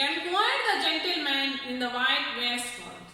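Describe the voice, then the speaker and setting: High bright teacher in echoey room. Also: female voice, expressive, very fast. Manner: repeats phrases and translates them line by line. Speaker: English teacher. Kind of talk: classroom lesson explaining a story. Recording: echoey room with long reverb.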